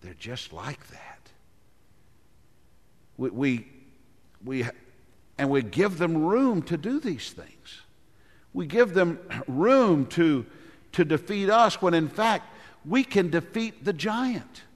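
A male pastor preaching a dramatic sermon, often clearing his throat and dropping low when he speaks as the giant. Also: sing-song, takes it slowly. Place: church sanctuary. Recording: long hall reverb.

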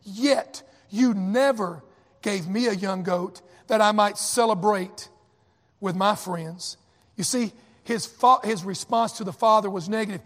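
A man's voice: high voice, unhurried, a bit bright, big-room sound. A man preaching a sermon as pastor, with emphatic repetition and acted quotes.

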